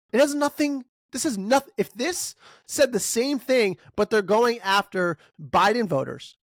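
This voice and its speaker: A podcast host ranting through an opinionated solo monologue, voice leaping up and down in pitch and racing ahead in quick bursts. The delivery is emphatic and full of rhetorical questions. The recording is close and dry, with no room sound. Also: dry recording. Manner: wide pitch swings, bursts of speed.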